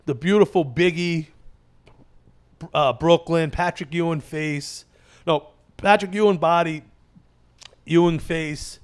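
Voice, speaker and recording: A man's voice: fairly high pitch, takes it slowly, long pauses, clear, resonant tone. A man, a comedian hosting his own show, telling rambling profane stories in a tired, casual monologue and laughing at himself. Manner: profane, digressive storytelling. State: tired, running on fumes.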